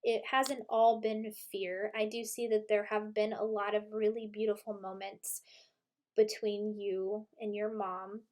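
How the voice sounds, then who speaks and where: A woman in her thirties giving an intuitive tarot reading in a gentle, reflective way, mixing in stories from her own life. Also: mid-range voice, little pitch movement, measured pace. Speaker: tarot reader.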